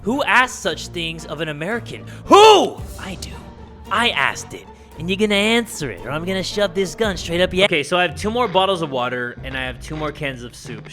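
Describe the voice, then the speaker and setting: A young man casually commenting on a survival game, reading its text aloud and yelling at it. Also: fairly high pitch. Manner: loud, excitable, yells and swears at the game. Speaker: gaming YouTuber. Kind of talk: let's play commentary.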